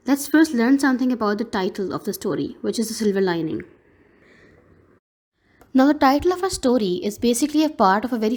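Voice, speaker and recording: Woman teacher, pakistani english accent, slightly high voice, slow careful lesson talk for kids. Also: a little mellow. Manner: slow, careful teacher's delivery spelling out pronunciations. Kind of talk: recorded classroom lesson.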